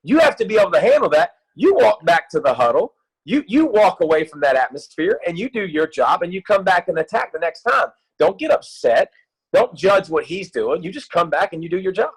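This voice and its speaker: A man in his thirties, a youth football coach, talking in an excited, rambling way with many restarts in a casual interview. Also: high voice, a little fast, breathy edge, poor audio.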